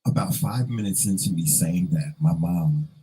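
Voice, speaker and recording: Guy vlogging his own story, really breathy and husky, low mellow voice, earnest and emotional, repeats himself to stress things. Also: moderate pace, rough recording. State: fighting back tears. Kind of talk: personal storytelling vlog.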